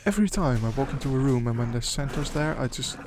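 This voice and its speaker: A young man rambling and muttering to himself while playing a game, trailing off into quiet asides and swearing when things go wrong, with music behind him. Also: mid-range voice, lively intonation, fast talker. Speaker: gaming channel host. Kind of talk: casual let's-play commentary. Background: background music.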